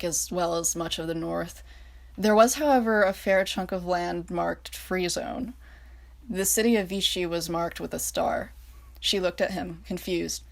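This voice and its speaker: A woman's voice: lowish voice, gravelly. A woman reading a fan-written story aloud, then chatting casually and self-mockingly about her ideas, with many fillers. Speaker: storyteller and fan video maker.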